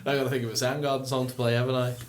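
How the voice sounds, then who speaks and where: Man, podcast co-host, chatty, laughs a lot, mid pitch, faint music behind. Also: level tone, racing. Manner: chatty, laughs often, sings snatches of songs. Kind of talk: casual chat with singing and guitar.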